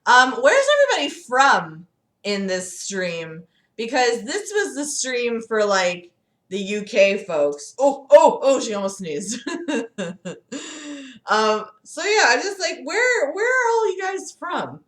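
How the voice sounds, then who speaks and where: A woman's voice: on the high side, very animated, slow, fairly bright tone, roomy sound. A young woman hosting a casual livestream from her city apartment, rambling and giggling, with lots of "like". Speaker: livestream host.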